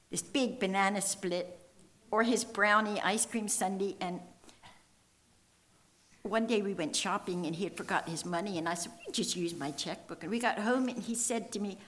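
Older woman sharing an emotional testimony. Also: mid-range voice. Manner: earnest, emotional storytelling with quoted dialogue. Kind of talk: personal testimony.

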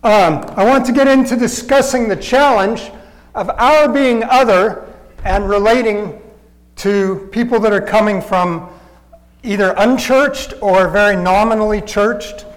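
A man preaching a storytelling sermon in a conversational, halting way. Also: high voice, long reverb tail, poor audio. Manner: conversational, halting, with fillers and restarts.

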